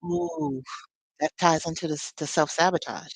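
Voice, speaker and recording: A woman's voice: low-pitched, normal speed, gravelly, no echo, poor audio. A woman leading a live spiritual teaching, talking expressively with sassy, conversational asides.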